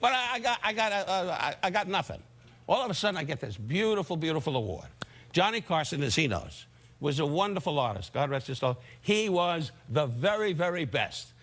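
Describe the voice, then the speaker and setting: A man's voice: a little high, very animated, fairly quick, a bit bright. An older man, a comedian guest on a talk show, telling rambling stories and teasing the host. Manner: brash, teasing, rambling with restarts. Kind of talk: talk show comic storytelling.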